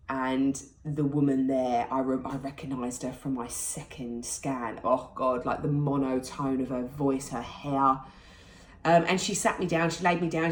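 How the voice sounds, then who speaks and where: A woman's voice: a bass voice, darkish tone, far from the mic. A British woman in her thirties, candidly and emotionally retelling a personal experience to camera. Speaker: vlogger. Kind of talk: personal storytelling. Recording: echoey room.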